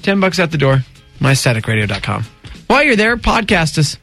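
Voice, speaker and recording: A man's voice: on the high side, sing-song, brisk, fairly bright tone, soft background music. A man hosting a morning radio show, chatting casually in a wry, joking way.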